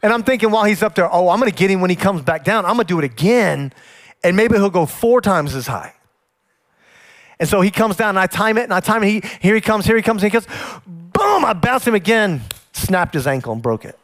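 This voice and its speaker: Man, pastor, high voice, animated storyteller, sermon. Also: brisk. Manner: animated storytelling, acting out scenes. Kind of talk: sermon with personal stories.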